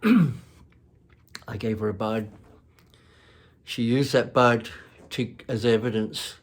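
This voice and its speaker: Rambling man telling a personal story. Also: medium pitch. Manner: rambling, halting, many fillers and restarts. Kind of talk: casual storytelling.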